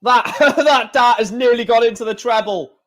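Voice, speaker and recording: A man giving casual live reaction commentary on a darts match, chatty and excitable, with hiccups. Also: very high voice, moderate pace. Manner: excitable, chatty, sings along with crowd chants.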